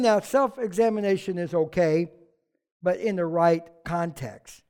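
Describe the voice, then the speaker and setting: Animated, joking preacher. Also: mid-range voice, a little slow, smooth. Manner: conversational and animated, with jokes and asides. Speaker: pastor. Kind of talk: sermon.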